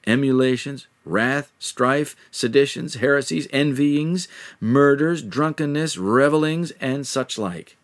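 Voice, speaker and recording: A man preaching a sermon, reading scripture aloud and putting questions to the listener. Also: medium pitch.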